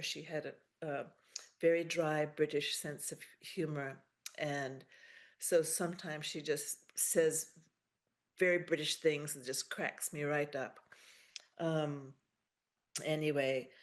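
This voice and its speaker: A middle-aged woman giving a heartfelt personal remembrance over a video call, halting and pausing often. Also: sits low. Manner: halting, with many pauses and fillers. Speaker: memorial speaker.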